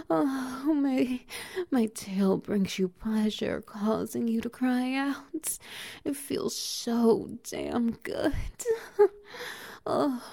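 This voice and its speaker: A woman voicing a dominant, teasing cat-like creature with a tail, in a slow, breathy whispered role-play with frequent soft laughs. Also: high voice, exaggerated voice.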